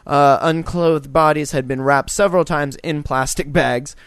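A man's voice: on the high side, steady tone, normal speed, clean tone, no room sound, studio quality. A young man co-hosting a casual podcast, reading news stories aloud and breaking off to swear and joke. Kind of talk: casual crude chat.

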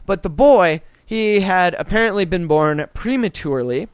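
A man's voice: high voice, lively intonation, moderate pace, smooth, no echo, clean studio sound. A young man co-hosting a casual podcast, reading news stories aloud and breaking off to swear and joke. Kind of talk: casual crude chat.

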